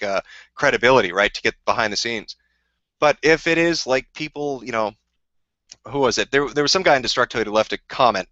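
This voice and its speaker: A man's voice: medium pitch, sharp tone, no echo, lo-fi sound. A man hosting a livestream, ranting heatedly and swearing constantly while answering chat questions. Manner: profane, combative, heated. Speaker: livestream host.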